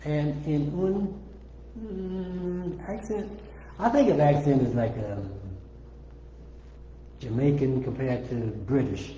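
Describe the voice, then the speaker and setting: A man teaching an informal Arabic lesson, slowly sounding out letters and vowels with patient repetition. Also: a little high, warm tone, a little hiss or hum. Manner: slow, repeats sounds patiently. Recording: echoey room, dull lo-fi audio.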